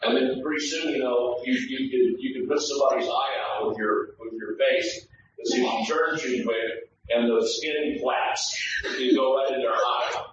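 A man's voice: medium pitch, normal speed, background noise. A pastor with a drawl teaches Bible study to his congregation, slipping in jokes and calling for replies. His voice rings through a large, echoing sanctuary. It is picked up from a distance, and the sound is muffled and dull. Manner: folksy, joking, asks the congregation for responses. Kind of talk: conversational sermon. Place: church sanctuary.

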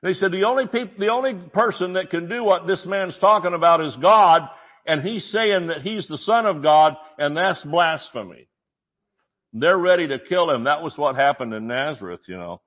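A male pastor gives a loose, chatty sermon, stumbling over many restarts and breaking into jokes. His conversational voice sits a little higher than most men's, with lively intonation and a moderate pace. The recording sounds dull and muffled.

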